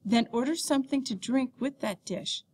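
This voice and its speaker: A woman teacher reading a beginner French textbook lesson aloud, saying the French words slowly and clearly. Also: sits high, a little mellow.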